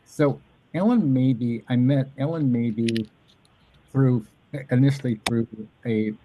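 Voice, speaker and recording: A man's voice: mid-range voice, a little slow, warm tone, slight background noise, rough recording. A man hosting a casual chat, telling a long rambling story and animatedly mimicking the voices of people he quotes. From Southern California. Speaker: podcast host.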